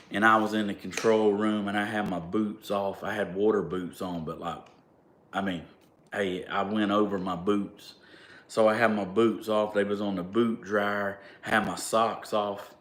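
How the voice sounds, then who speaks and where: A man with a Georgia-style Southern accent tells a story straight to the camera. His voice sits a little low, and he talks in a blunt, plainspoken way with an indignant edge. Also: fairly bright tone. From Southern United States. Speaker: vlogger. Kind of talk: casual storytelling.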